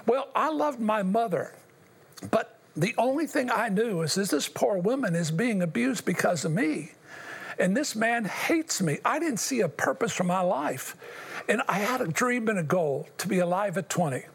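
Older male guest, husky tone, earnest and halting, testimony-style storytelling. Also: high voice, animated. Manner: earnest, halting, with long pauses. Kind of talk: personal testimony in an interview.

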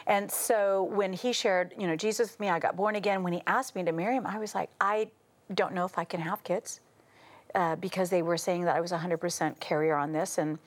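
A middle-aged American woman, a talk show guest, telling stories with lively quoted voices and frequent laughter. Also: lowish voice, a little fast. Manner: animated, acts out quotes, laughs often. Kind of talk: casual talk show storytelling.

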